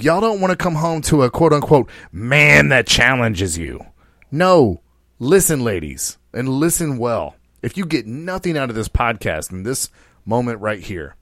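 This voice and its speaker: Brash, animated male podcast host. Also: mid-range voice, no echo, clean studio sound. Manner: brash, profane, preachy, addresses listeners directly. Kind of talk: casual podcast talk.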